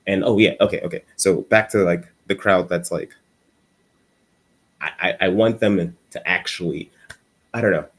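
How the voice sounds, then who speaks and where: A man's voice: low-pitched, slightly rough. A man giving an unscripted commentary monologue for a video essay. He rambles and stutters, restarting his sentences often.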